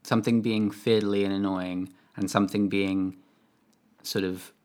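A man's voice: lowish voice, little pitch movement, a little slow, darkish tone. A man talking casually about video games, hesitant and full of fillers. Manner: hesitant, lots of fillers and restarts. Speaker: podcast co-host.

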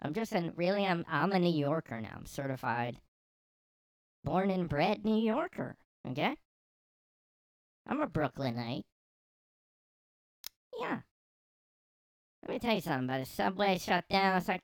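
A whiny, gravelly mock voice, put on by a man to sneer at people. It jumps around in pitch with a sarcastic bite, and sounds close and dry. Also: very animated, a little slow, pauses often, dry recording, full character voice. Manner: sarcastic, mocking.

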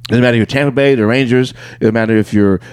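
A young man co-hosting a podcast, chatting excitedly about sports and talking in quick bursts. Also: mid-range voice, smooth, no room sound, studio quality. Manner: excited, fast bursts, talks over his partner. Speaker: podcast co-host. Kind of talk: casual sports chat.

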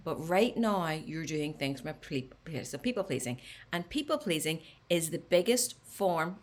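A woman talking on a podcast, giving animated advice and coaching the host, sometimes dropping to a near whisper. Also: low-pitched, moderate pace. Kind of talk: casual podcast chat.

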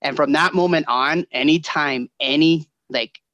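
Man, animated storyteller, laughs often, slightly high voice, dry close sound. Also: measured pace, no room sound, lo-fi sound. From California. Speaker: guest telling family stories. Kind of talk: casual chat.

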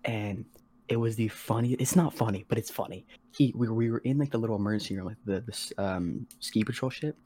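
Slangy low-voiced teenage guy. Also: brisk, warm tone. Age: teens. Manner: slangy, rambling, heavy on "like" and swearing; acts out quoted voices of others. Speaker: podcast co-host. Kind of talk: casual storytelling.

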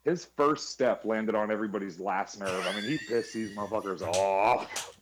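A man's voice: on the low side, moderate pace, noisy background. A man co-hosting a podcast, swearing freely and telling stories in casual chat. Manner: storytelling, imitates others with a raised voice; swears freely, laughs mid-story. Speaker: podcast co-host.

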